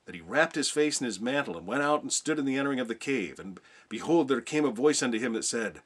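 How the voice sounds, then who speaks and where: A man's voice: mid-range voice, animated, quick pace, fairly bright tone, slightly rough. Give me a man in a conversational Bible teaching, posing rhetorical questions. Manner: conversational, rhetorical questions, reads scripture aloud.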